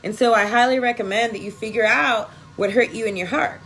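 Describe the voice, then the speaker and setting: Woman life coach, high-ish voice, emphatic and foul-mouthed, phone live-stream feel. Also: fairly even intonation, fairly quick, fairly bright tone, faint music behind, low-quality recording. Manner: emphatic, profane, preachy. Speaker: energy worker and spiritual coach. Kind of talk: casual live-stream spiritual pep talk. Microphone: phone on a live video.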